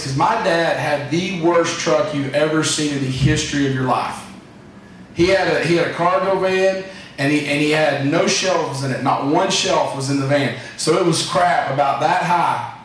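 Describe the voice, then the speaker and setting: A man's voice: fairly high pitch, fairly bright tone, slight background noise. A man giving a rambling, folksy motivational talk to his staff as company president. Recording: echoey room, distant mic.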